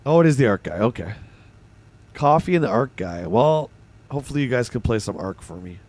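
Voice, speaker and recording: Chatty Canadian streamer, lively pitch. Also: male voice, fairly quick. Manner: chatty, reads and answers chat aloud. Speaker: streamer host. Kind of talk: casual livestream chat.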